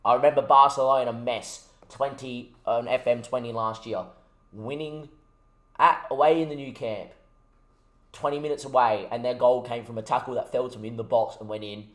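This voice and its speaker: A young man ranting through gameplay commentary, swearing and heated, his voice rising into loud bursts as he argues his point. His mid-pitched voice is heard in an echoey room. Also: steady tone, moderate pace. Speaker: gaming YouTuber.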